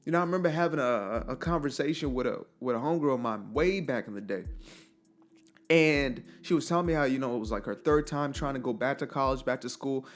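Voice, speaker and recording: A young man speaks earnestly in a casual motivational monologue at a mid-range pitch. He tells stories and asks rhetorical questions. Soft music plays faintly behind him. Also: fast. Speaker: motivational vlogger.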